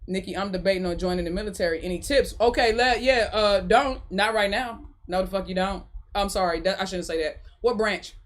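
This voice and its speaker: A woman's voice: medium pitch, fairly quick, hardly any pauses. A young adult woman hosting a podcast, chatting casually with her live chat, laughing often and repeating herself. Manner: animated, laughing often, swearing, repeating phrases.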